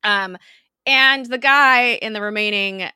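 A woman's voice: on the high side, unhurried, sharp tone, clean tone, no room sound, studio quality. A young woman hosting a podcast, casually recapping a TV episode with lots of fillers and laughter. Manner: chatty, many fillers, frequent laughter. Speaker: podcast host.

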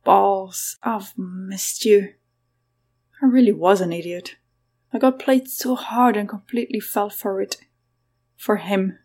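A woman's voice: mid-range voice, slow, darkish tone. A woman reading the part of a blunt young woman who talks plainly and swears mildly. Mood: rueful.

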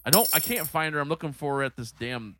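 A man's voice: a little high, fast, noisy background. A middle-aged man hosting a casual podcast chat, telling a story with lots of swearing and acting out both sides of the conversation. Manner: profane, animated storyteller who acts out both sides of dialogue.

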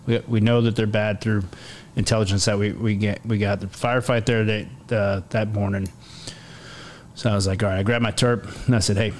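A man's voice: lowish voice, slight background noise. A man in his forties, an army sergeant major, telling a war story in a casual interview, acting out quotes with many fillers. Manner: animated, acts out quotes, many fillers and restarts. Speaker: army command sergeant major, podcast guest.

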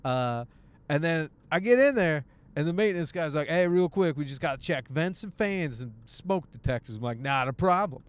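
A man's voice: fairly high pitch, expressive, moderate pace, smooth. A young man hosting a casual podcast alone, telling a crude story with many jokes and laughs while driving. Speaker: podcast host. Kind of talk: casual solo rant. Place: in a car, driving.

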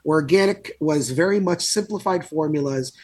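Podcast co-host, man in his thirties, slightly husky and higher-pitched, lively anecdotal chatter. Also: normal speed. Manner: animated storyteller, laughs often. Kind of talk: casual chat.

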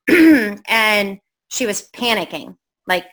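A middle-aged woman with a bright, lively tone tells a ghost story in casual conversation. She rambles with fillers and slips into the voices of the people she quotes. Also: medium pitch, drawn-out words, low-quality recording. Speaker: guest telling a ghost story.

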